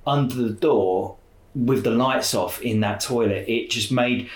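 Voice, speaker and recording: A man on a podcast, recalling an old memory at a slow, reflective pace. His mid-pitched voice rings with the echo of the room. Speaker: podcast co-host. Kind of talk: casual storytelling chat. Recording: echoey room.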